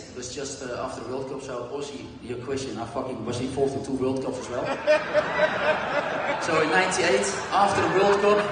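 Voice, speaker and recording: A Dutch man, speaking English as a second language, telling lively dressing-room stories with plenty of swearing at a live Q and A. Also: mid-range voice. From Netherlands. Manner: lively anecdotal, swears, acts out dialogue. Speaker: guest. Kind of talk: live Q and A storytelling. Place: large hall before an audience. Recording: echoey hall from far off, crowd noise.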